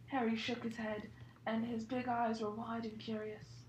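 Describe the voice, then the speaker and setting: A woman's voice: on the high side, little pitch movement, normal speed, darkish tone, reverberant, slight background noise, poor audio. Young woman reading mock-earnest fanfic. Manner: mock-earnest, putting on voices for quotes. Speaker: reader of fan fiction. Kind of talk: dramatic comic reading aloud.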